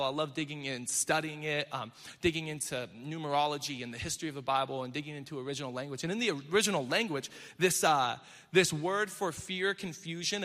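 A bright, forceful male voice preaching on stage, telling stories with lively, self-deprecating humor. His voice sits a little high and carries a long reverb from the large hall around him. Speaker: pastor. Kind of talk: sermon. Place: church stage before a congregation.

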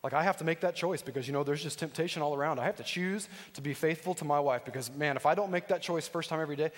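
A man preaches in an earnest, conversational way, often turning to ask the congregation questions directly. His voice sits high for a man. The sound carries a long reverb, as if recorded in a large hall. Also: fast. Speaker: pastor. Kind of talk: sermon.

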